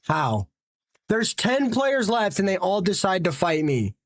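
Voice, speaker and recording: A young adult streaming a battle royale game from a small room at home, talking straight into a close, dry mic. The voice swings widely in pitch as they keep asking in disbelief how everyone is shooting at them. Between fights they chat casually with viewers. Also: big pitch swings, a little slow, no room sound. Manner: exasperated, repeats disbelieving questions, talks to chat. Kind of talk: live gameplay commentary chatting with viewers.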